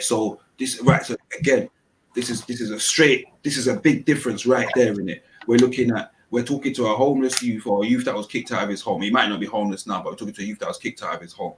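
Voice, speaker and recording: A man's voice: lowish voice, noisy background. Insistent man hosting a debate. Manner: insistent, holds the floor, rhetorical. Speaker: host. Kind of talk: heated panel debate.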